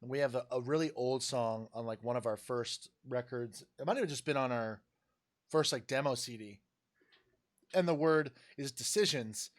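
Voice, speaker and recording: A man's voice: medium pitch, normal speed. A man hosting a casual chat, telling loose, laughing stories with plenty of swearing. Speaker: podcast host, rock singer.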